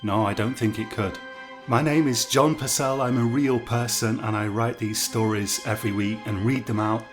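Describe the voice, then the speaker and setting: A man's voice: medium pitch, fairly even intonation, normal speed. A man narrating a scripted story in a wry, conversational way. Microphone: USB studio mic. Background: faint incidental music.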